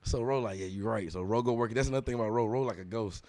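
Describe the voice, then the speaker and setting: A young man, a guest musician, telling an animated story in a casual interview, full of profane street slang. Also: mid-range voice, racing, no echo.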